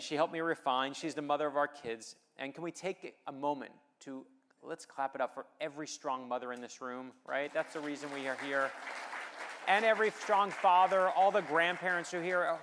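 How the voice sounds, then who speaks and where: Over a noisy background, a middle-aged man from the United States speaks in a mid-range voice with vocal fry. He is a keynote speaker and novelist giving a motivational speech, recounting personal stories with light humor and rallying the audience.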